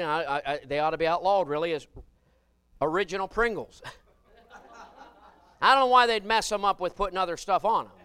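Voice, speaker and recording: Preacher guy, high clear voice, jokey folksy sermon, gets loud then drops way down. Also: dry recording. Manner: folksy and humorous, swings between loud emphatic bursts and quiet asides.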